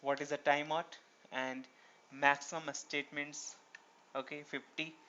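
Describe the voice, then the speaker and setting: A man's voice: fairly high pitch, level tone, unhurried, bright, forceful tone, a little hiss or hum. A man teaching a programming tutorial, explaining step by step and asking himself rhetorical questions. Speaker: programming instructor. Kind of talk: screen-recorded tutorial lecture. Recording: dull lo-fi recording.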